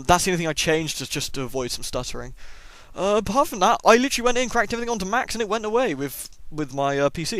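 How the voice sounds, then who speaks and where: A man's voice: sits high, a bit bright, no room sound. A man who has a cold, chatting enthusiastically through a casual first-impressions game review with plenty of ums. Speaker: gaming YouTuber.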